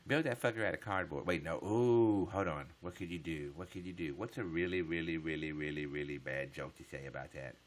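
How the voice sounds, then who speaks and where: A man's voice: a bass voice, a little fast, hardly any pauses. A man live streaming, chatting casually with viewers in a joking, profane way.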